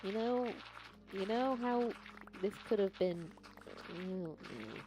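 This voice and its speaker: A woman's voice: mid-range voice, slow, noisy background. A woman chatting casually during a co-op game, with dry and teasing remarks. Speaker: co-player. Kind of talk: casual gameplay chat.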